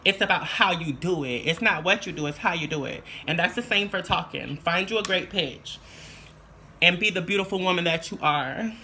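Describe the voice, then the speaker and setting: Trans woman, vlogger, casual advice, sassy and playful, bright tone, faint background noise. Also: on the low side, moderate pace. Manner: chatty, sassy, playful asides. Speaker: vlogger giving voice tips.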